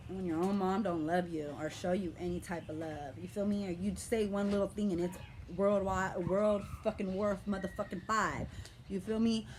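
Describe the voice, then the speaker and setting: A woman's voice: mid-range voice, steady tone, moderate pace, a little mellow, a little hiss or hum. Passionate, profane young woman venting. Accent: American urban vernacular. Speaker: vlogger. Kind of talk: emotional vlog rant.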